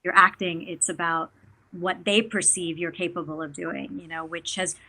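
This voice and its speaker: A woman actor speaks as an interview guest in a loose, animated way. Her tone is bright and forceful. She fills her talk with "you know" and starts sentences over and over. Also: lowish voice, moderate pace. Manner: animated, chatty, many fillers.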